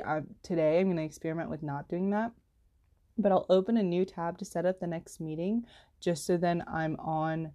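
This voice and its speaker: Talking straight to camera, this student vlogger in her teens meanders from thought to thought, with "like" and "literally" in nearly every line. When something frustrates her, her voice shoots upward in lively exasperation.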